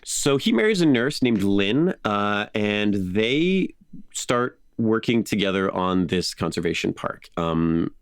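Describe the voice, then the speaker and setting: A man hosting a podcast, telling a story in casual chat, animated with frequent laughs and fillers. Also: fairly low pitch, no room sound, studio quality. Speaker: podcast host.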